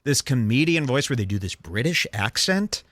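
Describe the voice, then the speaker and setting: A man's voice: medium pitch, sing-song, normal speed, fairly bright tone, no room sound. A man hosting a podcast, mocking and sneering in casual commentary over video clips. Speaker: podcast host.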